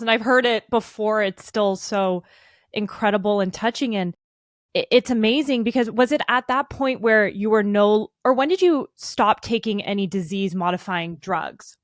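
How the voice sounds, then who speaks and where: A woman's voice: medium pitch, normal speed, no echo, studio quality. A woman hosting an interview, responding effusively to her guest. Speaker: host. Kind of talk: casual interview chat.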